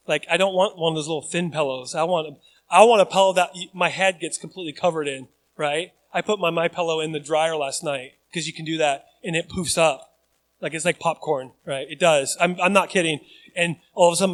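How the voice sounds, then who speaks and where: A man preaching a sermon as pastor, mixing chatty asides to the congregation with loud, emphatic calls. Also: high voice.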